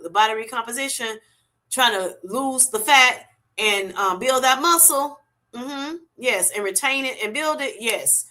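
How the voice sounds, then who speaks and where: A middle-aged woman hosting a live stream, reading viewer comments aloud and chatting warmly, calling everyone honey. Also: a little high, animated, normal speed. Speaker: livestream host.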